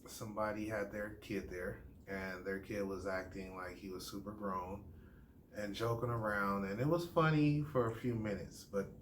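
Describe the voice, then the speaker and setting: A man's voice: lowish voice, steady tone, normal speed. An American man in a casual discussion, talking in a rambling way with slang and fillers. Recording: echoey room with faint noise.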